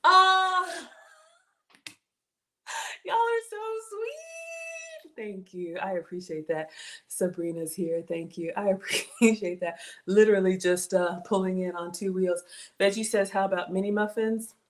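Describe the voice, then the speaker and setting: A woman's voice: lowish voice, steady tone, moderate pace, a little mellow. Chatty Southern woman streaming a cooking session. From Southern United States. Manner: chatty, thanks viewers often, trails off and restarts. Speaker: livestream cooking host. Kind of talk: casual livestream chat.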